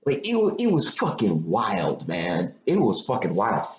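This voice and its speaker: Animated swearing man telling a story. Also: lowish voice, measured pace. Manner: animated, profane, repetitive retelling. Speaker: podcast host. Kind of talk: casual storytelling chat. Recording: echoey room with faint noise.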